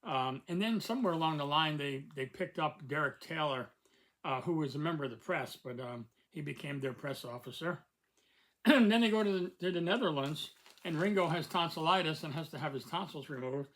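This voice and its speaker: An older American man hosting a casual review talk. He rambles along with plenty of ums and restarts, his voice sitting a little high for a man. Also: normal speed, a bit bright, poor audio. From United States. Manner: rambling, many fillers and restarts. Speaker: host.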